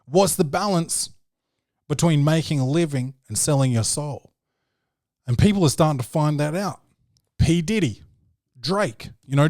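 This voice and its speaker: Man, young, podcast host, slangy and profane, fairly high voice, dry close sound. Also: no room sound. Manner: swearing, slangy, animated storytelling. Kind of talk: casual profane monologue.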